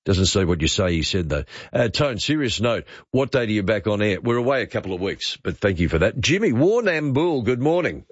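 Australian overnight radio host, low voice, dry studio sound, slightly dull audio; chatty, wry. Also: male voice, sing-song, a little fast, hardly any pauses, breathy edge, dry recording. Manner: chatty, wry, reads out listener messages. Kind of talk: late-night talk radio chat. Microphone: studio microphone.

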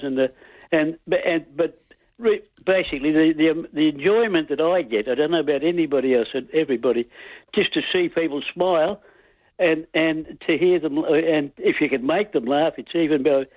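A man's voice: fairly high pitch, brisk, no room sound. A man calling a radio show, cheerful but hesitant, stumbling over his words. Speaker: caller. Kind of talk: phone-in chat and joke telling. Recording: tinny phone line.

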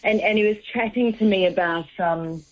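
A woman's voice: mid-range voice, moderate pace, dry recording. A woman telling a story on a radio phone-in, acting out the lines of a conversation as she goes. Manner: chatty storyteller, acts out quoted dialogue. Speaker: caller. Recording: tinny phone line.

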